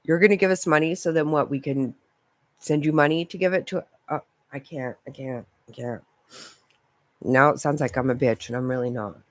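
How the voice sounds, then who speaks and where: A woman's voice: low-pitched, quick pace, no echo. A woman vlogger talking in a casual, rambling monologue, swearing freely and often breaking into laughter.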